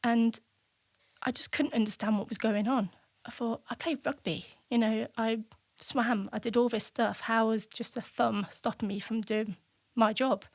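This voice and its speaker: A woman in her thirties from the UK speaks as a podcast guest, telling her story candidly and replaying remembered conversations. Her voice sits a little high with little pitch movement. The recording is dry and close, with no room sound. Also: fairly even intonation, normal speed, dry recording. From United Kingdom. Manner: candid, reflective, acts out remembered dialogue. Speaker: podcast guest, military veteran. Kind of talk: personal storytelling in an interview.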